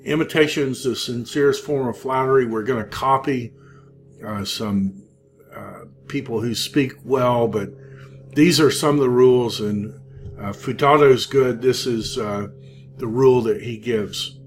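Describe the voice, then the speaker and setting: A man teaching a Hebrew grammar class, talking slowly with many pauses and fillers. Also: medium pitch, soft background music. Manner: slow, halting, many fillers. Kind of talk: classroom lecture.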